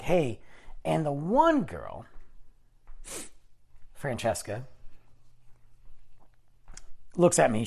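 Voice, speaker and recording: Animated man spinning a rambling story. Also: fairly high pitch, gravelly. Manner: animated, rambling, self-correcting, acts out quoted dialogue. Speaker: vlogger telling a story. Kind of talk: casual storytelling.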